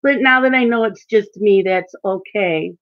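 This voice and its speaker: A woman's voice: medium pitch, moderate pace, highs cut off. A woman hosting a live stream while she colors, chatting casually with viewers and reading out their comments. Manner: chatty, reads out and answers viewer chat. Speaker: coloring channel host.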